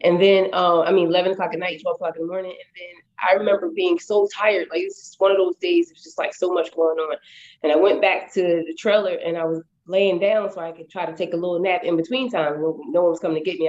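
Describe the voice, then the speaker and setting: A woman's voice: lowish voice, fast, darkish tone. A woman speaks over slightly muffled live-stream audio and tells a story from a film set. She acts out each person's lines with a lot of expression. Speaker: actor. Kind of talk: casual chat.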